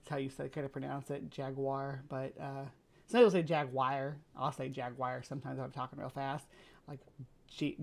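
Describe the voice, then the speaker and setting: Low, gravelly American woman, wry reaction host, skeptical jokes. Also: a little mellow. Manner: skeptical, joking asides. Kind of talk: reaction commentary.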